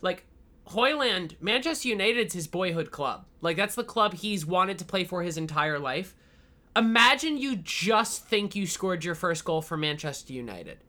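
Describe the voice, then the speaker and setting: Podcast dude chatting football, bright voice, rambles, gets fired up. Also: male voice, high voice, moderate pace. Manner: rambling, animated, self-deprecating. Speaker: podcast co-host. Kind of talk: casual football chat.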